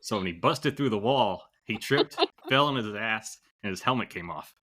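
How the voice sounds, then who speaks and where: A man's voice: on the low side, animated, moderate pace, sharp tone. A man co-hosting a podcast, casually telling an easygoing story and chatting about old films. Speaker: podcast co-host. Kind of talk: casual chat.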